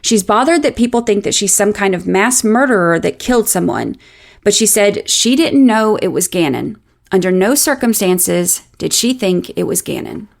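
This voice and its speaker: A woman hosting a true-crime show, narrating a scripted account in a measured, explanatory way with a lightly sardonic edge. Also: mid-range voice, expressive, vocal fry. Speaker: podcast host.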